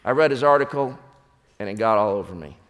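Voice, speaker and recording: A man preaching a sermon as pastor, telling a joke with lively voices for the characters. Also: fairly low pitch, quick pace, in a large hall.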